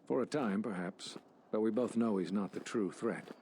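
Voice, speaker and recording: An actor playing a calm, scheming royal advisor in a video game, speaking in a measured, formal way. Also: male voice, on the low side, natural voice. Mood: grave. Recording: game audio with background noise.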